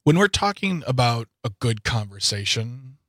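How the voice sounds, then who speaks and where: A man's voice: mid-range voice, very animated, normal speed, sharp tone, no echo, studio quality. A man co-hosting a radio talk show, joking and bantering playfully. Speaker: radio co-host. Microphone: studio microphone.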